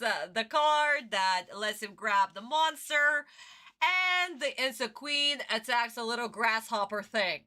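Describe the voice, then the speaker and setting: A woman streamer giving casual livestream reaction commentary in an animated, exclamatory way, swearing freely. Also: high-pitched.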